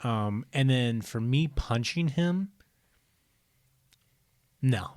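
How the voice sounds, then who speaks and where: A man's voice: mid-range voice, extremely slow, no echo. A young man from Ohio with an American accent, co-hosting a podcast and telling a casual story, swearing freely and acting out what people said. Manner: animated, swears freely, acts out quotes. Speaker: podcast co-host.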